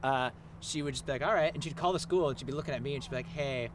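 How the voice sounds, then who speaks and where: A man's voice: medium pitch, rapid-fire. A man telling a funny story about his mom in casual chat, laughing as he goes. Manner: laughing, joking. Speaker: band member. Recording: outdoor street noise.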